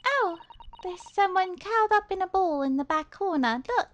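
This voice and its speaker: A woman voicing a polite young woman companion while reading game dialogue aloud, in a high, bright, sweet voice. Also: lively intonation, moderate pace, lo-fi sound, slight background noise. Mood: gentle.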